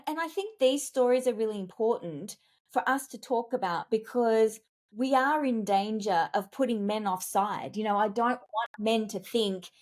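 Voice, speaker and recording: A woman speaking as a communications expert and executive coach in a podcast interview, telling stories in an animated, emphatic way with big leaps in pitch. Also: normal speed. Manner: animated, emphatic storytelling with wide pitch jumps.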